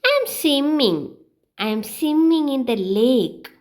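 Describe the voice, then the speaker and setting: A woman with a high, lively voice reads simple example sentences for beginners. She takes them slowly and clearly, in a sing-song way. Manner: slow, clear, sing-song reading of drills. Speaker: English teacher.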